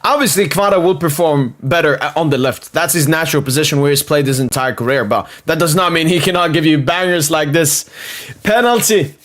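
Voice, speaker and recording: A young man hosting a live football watchalong, reacting loudly and swearing at the match. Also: on the high side, a little fast. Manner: excitable, swears and shouts at the screen.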